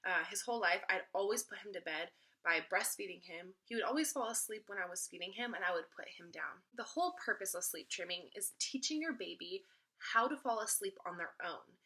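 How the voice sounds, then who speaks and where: A young mother talks straight to the camera in a relaxed advice vlog. Her voice is bright and forward, and she rambles a little, circling back with "kind of" and "you know." The tone is friendly and informal. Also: mid-range voice, a little fast. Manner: chatty and repetitive, full of "kind of" and "you know". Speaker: mom vlogger.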